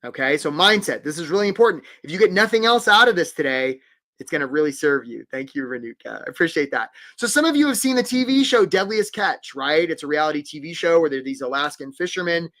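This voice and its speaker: A man's voice: on the high side, animated, fast, bright, forceful tone. A man coaching job seekers in a live webinar, upbeat and encouraging, calling out viewers by name.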